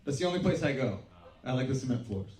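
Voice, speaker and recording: A middle-aged man doing a stand-up comedy set, deadpan and self-deprecating, swearing freely. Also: medium pitch, fast. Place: small comedy club stage. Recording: roomy club sound from a distance. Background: audience laughter.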